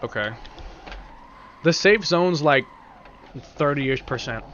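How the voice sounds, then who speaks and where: A man's voice: fairly high pitch, unhurried, pauses often, fairly bright tone, muffled recording, a little hiss or hum. A man with a sore throat chatting casually and rambling while he streams a game. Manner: rambling, casual, swears freely. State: sore throat, speaking carefully. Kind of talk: casual live-stream chat while gaming.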